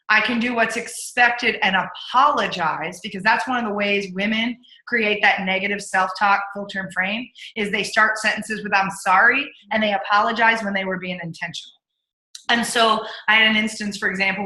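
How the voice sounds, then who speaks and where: A woman guest coach telling stories in an interview, energetic and punchy, acting out her own inner voice. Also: mid-range voice, echoey room, poor audio. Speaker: podcast guest, accountability coach. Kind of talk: candid interview storytelling.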